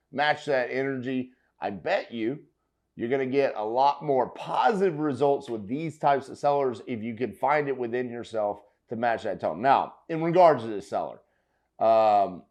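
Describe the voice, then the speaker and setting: Emphatic, loud male reaction host. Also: medium pitch. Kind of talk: casual reaction commentary.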